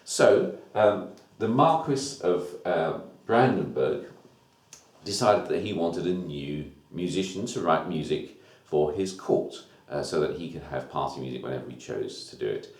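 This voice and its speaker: A man with a deep, low voice teaches a music lesson. He talks informally and walks through each new term one step at a time. His voice rings around an echoey room. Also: a little slow. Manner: informal, explains terms step by step.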